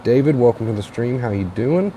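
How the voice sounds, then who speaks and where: A young man hosting a late-night livestream on a tablet, a little tired, relaxed and repetitive, with plenty of uh and um. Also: mid-range voice, fairly quick, a little hiss or hum. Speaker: livestream host. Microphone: tablet mic.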